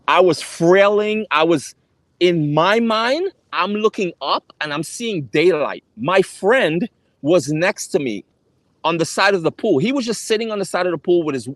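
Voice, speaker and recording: A man's voice: high voice, no echo. A young man earnestly telling a personal story to camera, emphatic and repeating himself for weight. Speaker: travel vlogger.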